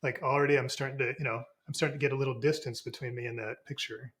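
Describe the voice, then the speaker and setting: Unhurried, halting male spiritual teacher. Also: mid-range voice, fairly even intonation, fairly bright tone. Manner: unhurried and halting, with frequent restarts. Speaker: spiritual teacher, podcast guest. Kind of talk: relaxed explanatory talk.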